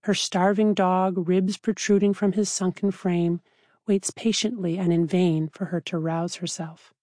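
A woman, a psychiatrist, reading her own memoir aloud in a measured, reflective way. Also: lowish voice, fairly even intonation, warm tone, no echo, clean studio sound. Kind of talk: audiobook narration.

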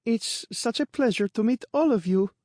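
A man's voice: sits high, animated, moderate pace, a little mellow, no room sound, pitched above the performer's own voice. A proud young girl, her words clipped and tight as if forced through clenched teeth, voiced by a male narrator. The voice is raised well above a man's register with an altered timbre, in a dry storybook reading. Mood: restrained. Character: proud young girl holding back anger.

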